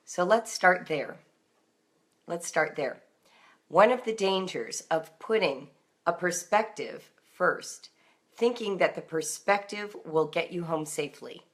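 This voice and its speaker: Gentle encouraging woman, low voice. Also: a little slow. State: morning voice. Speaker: homeschool writer reading her daily book on a live stream. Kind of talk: reading aloud then casual live chat.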